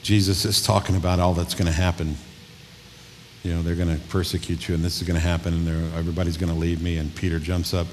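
A man's voice: sits low, fast, slight background noise. A male pastor preaching a folksy, joking, conversational sermon in a church hall. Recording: long hall reverb.

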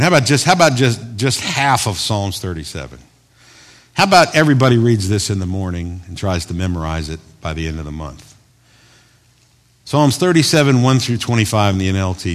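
A man preaching a sermon as pastor, swinging from loud emphatic bursts to quiet asides. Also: fairly low pitch, sing-song, brisk. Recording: long hall reverb.

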